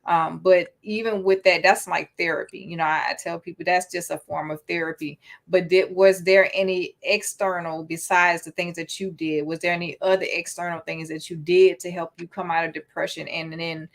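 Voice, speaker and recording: A woman's voice: on the low side, little pitch movement, moderate pace, few pauses. A woman hosting an online talk show, asking a guest supportive, conversational questions over a video call. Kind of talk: interviewing a guest.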